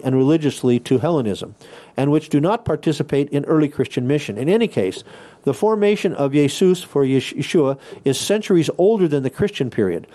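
Warm-toned man teaching a Bible lesson. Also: a little high. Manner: reads quotes aloud, explains Greek words step by step. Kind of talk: podcast teaching lecture.

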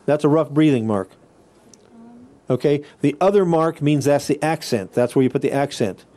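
Male teacher, slightly high, mellow voice, patient classroom explainer who restarts phrases and keeps asking "okay?". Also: animated, moderate pace. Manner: checks in with listeners often. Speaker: Bible Greek teacher. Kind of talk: classroom lecture.

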